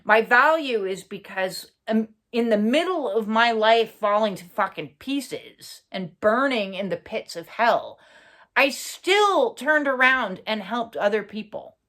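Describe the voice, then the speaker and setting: Slow, halting woman speaker. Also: on the high side, lively intonation, a bit bright. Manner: earnest, halting, many fillers and pauses; blunt, swears for emphasis. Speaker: spiritual channel host. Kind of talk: reflective personal monologue.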